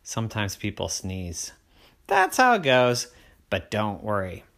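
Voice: medium pitch, wildly swooping pitch, a little slow, fairly bright tone, pitched below the performer's own voice, heavily acted. An adult doing a kind, welcoming dragon teacher. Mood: reassuring. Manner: cheerful, reassuring.

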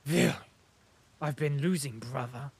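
A man voicing a gloomy, hot-tempered small cavalry officer who shouts and rants. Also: medium pitch, unhurried, gravelly, breathy edge, full character voice. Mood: ranting. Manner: loud, blustering, shouting.

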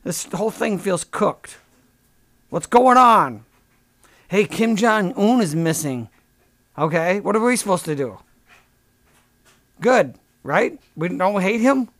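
Male comic host: high-pitched, sarcastic, crude rambling rants, dry close sound. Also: animated, a little slow, dry recording. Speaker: podcast host. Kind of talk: comedic rant.

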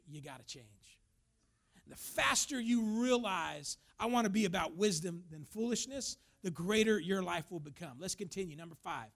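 A man's voice: high-pitched, gravelly, sharp tone. A man preaching a sermon as pastor, emphatic, now and then acting out the voices of the people he talks about.

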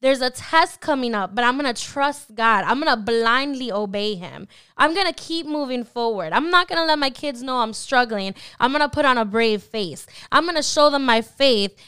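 A young adult woman hosting a podcast, talking casually about faith and acting out imagined thoughts in quick quoted asides. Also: high-pitched, lively intonation, sharp tone, smooth. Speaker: podcast host.

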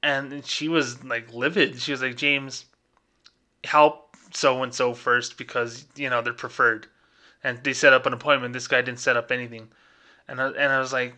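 A podcast co-host who used to work at a bank tells a story casually, acting out everyone else's lines as he goes. His voice sits at medium pitch and moves at a normal speed, and the retelling is animated, with quoted dialogue performed aloud.

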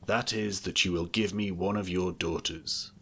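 A man voicing an angry, grim beast who rules a castle, speaking in a stern, menacing way in a deep voice. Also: fairly even intonation, moderate pace, gravelly, sharp tone, breathy edge, exaggerated voice.

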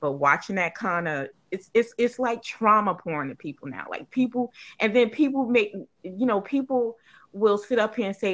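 A woman in an easygoing podcast chat who speaks at a middle pitch and keeps circling back over her words before landing a point. She builds toward pointed, indignant questions, her voice jumping sharply upward as she presses them. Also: animated, normal speed, fairly bright tone. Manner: emphatic, rising to indignant rhetorical questions; frequent restarts and fillers. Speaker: podcast co-host. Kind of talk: casual podcast discussion.

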